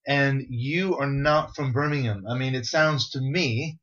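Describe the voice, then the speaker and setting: A man's voice: medium pitch, measured pace, a bit bright. An American man hosting a podcast interview, asking questions in a friendly, conversational way. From United States. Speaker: podcast host. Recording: dull lo-fi recording.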